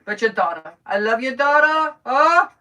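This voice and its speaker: A woman voicing an effusive young housekeeper with an accent, who talks loudly and gushes in a high voice. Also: lively intonation, moderate pace, recorded from a distance. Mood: gushing. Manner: gushing, loud, high-pitched.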